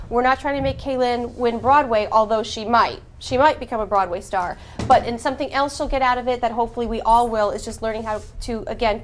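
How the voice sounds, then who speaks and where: A woman teaching a class, speaking slowly and precisely in her teacher voice. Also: on the high side, slight background noise.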